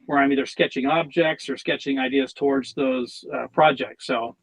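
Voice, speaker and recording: A man speaking as a guest artist on a casual podcast, telling jokes and talking about his work in a relaxed way with some stumbles and restarts. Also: mid-range voice, normal speed, creaky, rough recording.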